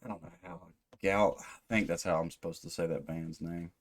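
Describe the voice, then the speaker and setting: A man's voice: deep voice, fairly even intonation, normal speed. A man hosting a music reaction video, talking casually and thinking aloud with rambling restarts. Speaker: music reaction channel host.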